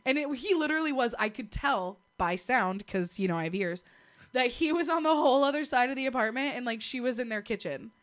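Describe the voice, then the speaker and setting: A woman's voice: on the high side, lively intonation, fairly quick. A young woman in casual chat, retelling a story with crude humor, laughter and acted-out quotes.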